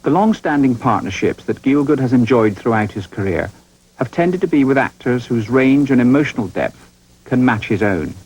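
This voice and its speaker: A man giving measured, formal scripted narration for a documentary. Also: mid-range voice, expressive, darkish tone. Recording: dull lo-fi tape with faint hum.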